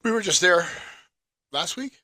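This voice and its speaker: A man co-hosting a relaxed podcast, his voice bright and forward. He sits a little above the usual male pitch and keeps needling his partner with playful follow-up questions. The sound is dry and close. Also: unhurried, dry recording. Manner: teasing, keeps pressing with questions. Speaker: podcast co-host. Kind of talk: casual chat.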